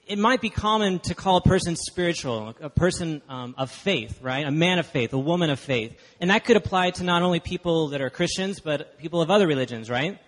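A man's voice: fairly high pitch, lively intonation, fairly quick, hardly any pauses. A man from Texas, preaching a sermon as guest speaker, chatty and emphatic with the congregation. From Dallas, Texas. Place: church hall. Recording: long hall reverb.

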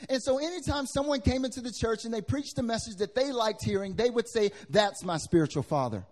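A young adult man preaching a sermon as pastor to a congregation in a church, with big swings in pitch and loudness and casual slang. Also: lively intonation, fairly quick.

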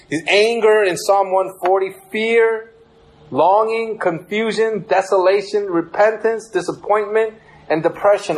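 A man's voice: on the high side, low-quality recording. A young man preaching a sermon in a casual, conversational way, acting out prayers with a raised voice. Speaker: pastor.

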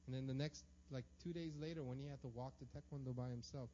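A man's voice: mid-range voice, steady tone, fast, dark tone, a little hiss or hum. A man preaching a sermon, emphatic and acting out the prayers and voices he quotes. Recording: dull lo-fi sound.

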